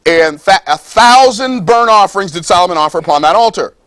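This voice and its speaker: High-voiced emphatic preaching man. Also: expressive, a bit bright, faint music behind. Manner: emphatic, repeats phrases, reads scripture slowly; playful, acts out quoted voices. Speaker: speaker at a business seminar. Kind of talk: preaching-style motivational talk.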